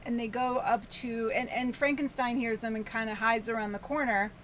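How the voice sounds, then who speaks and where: A woman's voice: a little high, level tone, moderate pace, a little hiss or hum. A woman co-hosting a casual chat about an old film, recapping the plot with many ums and frequent laughs. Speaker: podcast co-host.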